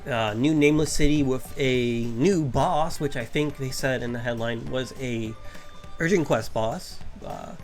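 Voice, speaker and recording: A male VTuber rambles unscripted about a game update in a mid-range voice. He sounds tired and yawns, and he fills pauses with ums and restarts while faint music plays behind him.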